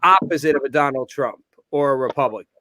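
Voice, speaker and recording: A man hosting a live call-in talk show, brisk and joking, asking guests pointed questions. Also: mid-range voice, sharp tone, no room sound. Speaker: host.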